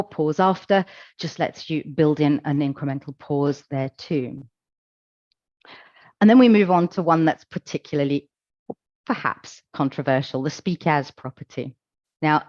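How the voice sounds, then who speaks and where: A woman's voice: sits low, a little mellow, no echo, highs cut off. A woman giving a conference talk, explaining things step by step with casual asides. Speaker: accessibility conference speaker.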